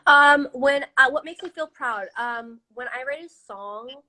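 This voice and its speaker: A woman's voice: sits high, measured pace, pushed and bright, rough recording. A woman singer chatting casually in a live-stream interview on a phone, filling her talk with "like" and "you know". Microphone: phone on a live video stream.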